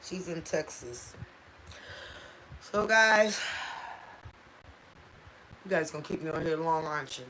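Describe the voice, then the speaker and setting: A woman's voice: low-pitched, unhurried, pauses often, sharp tone, slight background noise. A woman hosting a casual livestream, chatting with viewers and reading out their comments, tripping over unfamiliar place names. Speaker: channel host.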